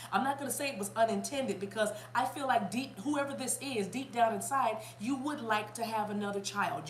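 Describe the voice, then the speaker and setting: A chatty, animated woman from South Carolina, giving a casual spiritual reading to her viewers. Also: mid-range voice, reverberant, a little hiss or hum. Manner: animated, chatty, bursts into laughter and song. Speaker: spiritual reader.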